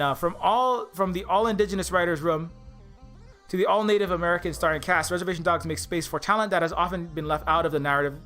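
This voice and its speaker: Sharp in tone and pitched on the high side, this Hawaiian indie developer rambles earnestly through his video commentary. He keeps restarting thoughts partway through and reads quotes out as he goes.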